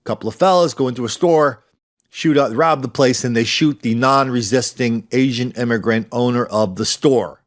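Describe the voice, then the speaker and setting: A man's voice: mid-range voice, moderate pace. An older man hosting a podcast, delivering a sarcastic commentary monologue and slipping into mocking impressions. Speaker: podcast host.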